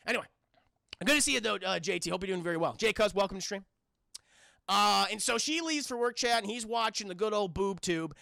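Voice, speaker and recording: High-voiced, gravelly male streamer. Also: animated, a little fast, sharp tone, dry recording, clean studio sound. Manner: profane, rambling, keeps addressing the chat. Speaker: streamer and film reviewer. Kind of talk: casual live-stream film recap.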